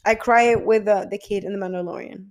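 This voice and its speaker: A woman's voice: mid-range voice, fairly even intonation, brisk. A young woman vlogging casually about a TV episode, gushing and emotional, swearing freely and acting out quotes. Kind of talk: casual chat.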